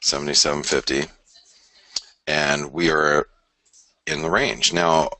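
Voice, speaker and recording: A man with a very deep, forceful voice hosts a live forex webinar in the early morning, sounding tired after an early start. He rambles in a casual way, full of fillers and restarts, and he repeats his key phrases. The recording is close and dry. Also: little pitch movement, slow pace, dry recording. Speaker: forex trading webinar host.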